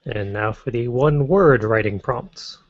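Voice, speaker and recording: A man hosting a podcast and explaining its format in a relaxed way. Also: mid-range voice, a little slow, no room sound. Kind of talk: casual chat. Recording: dry, muffled lo-fi audio.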